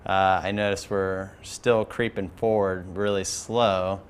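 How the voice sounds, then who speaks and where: Deep, flat-voiced airman telling a story. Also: a little hiss or hum. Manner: halting, lots of fillers. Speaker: aircrew member recounting an incident. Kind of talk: interview recollection.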